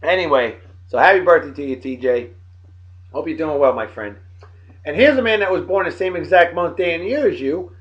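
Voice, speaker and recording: A man, rambling and folksy as he gives birthday shout-outs to old friends. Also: on the high side, lively intonation, fairly quick. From Martha's Vineyard, Massachusetts. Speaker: vlogger, beer and song of the day host. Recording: dull lo-fi home recording.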